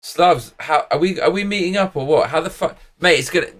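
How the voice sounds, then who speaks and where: A man's voice: fairly high pitch, fairly quick, fairly bright tone. A British man hosting a live stream, rambling casually with plenty of swearing and slang.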